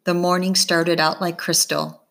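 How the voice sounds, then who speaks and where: A woman reading a novel aloud in first person, giving gentle voices to the characters. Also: on the low side, flat delivery, unhurried, vocal fry. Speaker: audiobook reader. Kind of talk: first-person audiobook narration.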